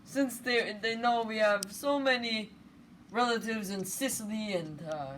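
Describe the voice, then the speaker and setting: A woman's voice: a little high, measured pace, a bit bright. A woman playing a boastful, silly Italian leader in a comic put-on accent, in a light-noise recording. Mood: gleeful. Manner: exclaims catchphrases, silly.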